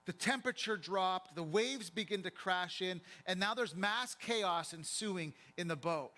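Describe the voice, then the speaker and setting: A man with a high voice delivers a sermon from a church pulpit. He has a bright, forceful tone and talks in a vivid, conversational way, as if he were chatting with the congregation. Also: measured pace. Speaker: pastor.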